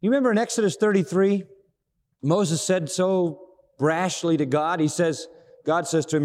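A man preaching a sermon, expressive, asking rhetorical questions and acting out dialogue. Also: on the high side, normal speed, pauses often. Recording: long reverb of a large hall.

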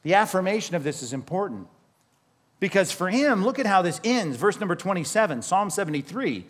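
A male pastor preaching a sermon, animated and emphatic, rising and falling as he drives points home. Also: sits high, fairly quick.

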